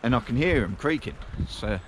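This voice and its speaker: Expressive and medium-pitched, a man talks at normal speed to his viewers during a dog walk in the woods. His handheld recording rambles from thought to thought, and the windy day fills it with wind and outdoor noise.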